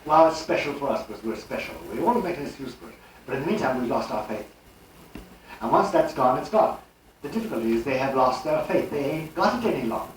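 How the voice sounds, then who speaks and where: An older man giving a live religious lecture with an animated, rhetorical delivery and chuckling asides. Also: medium pitch, slight background noise. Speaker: speaker. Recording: old live tape, distant and echoey.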